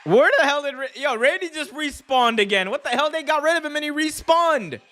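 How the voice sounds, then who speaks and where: A man hosting a live wrestling watch-along, talking in an excitable, slangy way and laughing often. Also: very high voice, a little fast. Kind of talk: live reaction commentary.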